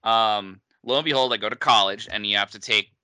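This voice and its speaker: A man's voice: on the low side, brisk, bright, forceful tone, clean tone, no room sound. A man from New England telling a funny story in a casual chat as podcast co-host, laughing often.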